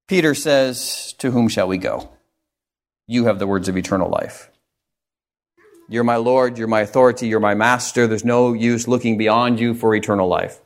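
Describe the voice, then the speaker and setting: A man's voice: medium pitch, normal speed. Man preaching an earnest sermon. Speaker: pastor.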